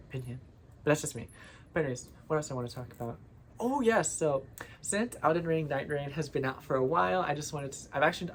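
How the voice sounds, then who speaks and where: Casual vlogger, rambling monologue, tangents, playfully indignant, mid pitch, faint background hiss.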